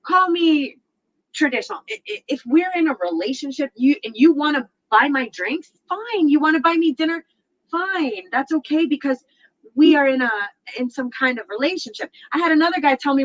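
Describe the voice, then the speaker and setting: Animated high-voiced woman telling stories. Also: brisk, lo-fi sound. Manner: animated, acts out quotes, laughs often. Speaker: talk show host. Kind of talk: casual storytelling chat.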